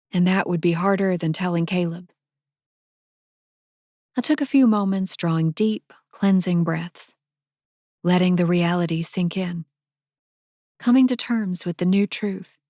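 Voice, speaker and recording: A woman's voice: on the low side, mellow, no echo. Woman narrating a romance audiobook, close.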